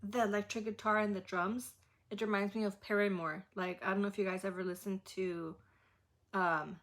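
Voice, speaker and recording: A woman's voice: medium pitch, flat delivery, normal speed, a bit bright. A young woman hosting a music reaction video, talking casually with lots of fillers and humming guitar riffs. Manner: rambling, filler-heavy, hums riffs aloud. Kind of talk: casual chat.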